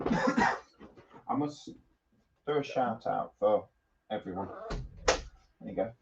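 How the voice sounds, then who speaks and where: A man's voice: slow pace, creaky. A man co-hosting a casual livestream, joking and bantering with his partner. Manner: joking, wry, swings widely in pitch. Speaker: co-host, host's partner. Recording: dull lo-fi audio with faint noise.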